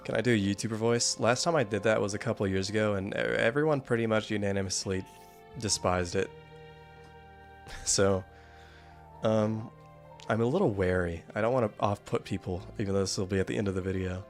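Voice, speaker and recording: A man's voice: on the low side, fairly even intonation, brisk, soft background music. A man giving casual, wry gameplay commentary, rambling and often laughing. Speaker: gaming YouTuber.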